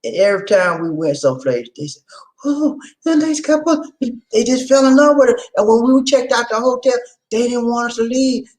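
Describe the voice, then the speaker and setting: A male channel host chatting casually with subscribers, playful and animated, leading call-and-response chants. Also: very high voice, brisk, poor audio. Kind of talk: casual livestream chat with subscribers.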